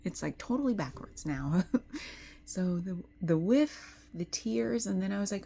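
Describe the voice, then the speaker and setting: A middle-aged woman giving an intuitive tarot reading to camera. She is tearful and tender, and drifts into soft whispers when she is moved. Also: mid-range voice, lively intonation, a little slow, gravelly. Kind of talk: emotional spiritual talk to camera.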